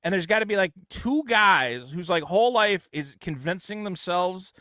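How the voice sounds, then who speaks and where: A man hosting a call-in podcast, talking in a loud, profane, ranting way on a close studio mic. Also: high-pitched, lively intonation, normal speed, dry recording. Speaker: podcast host. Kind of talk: casual call-in chat.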